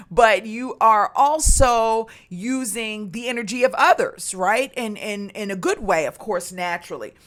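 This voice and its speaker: Speaking in a fairly high, fairly bright voice, a middle-aged woman from Maryland, USA, coaches on recruitment and staffing. Her motivational business tutorial is upbeat, peppered with fillers and restarts.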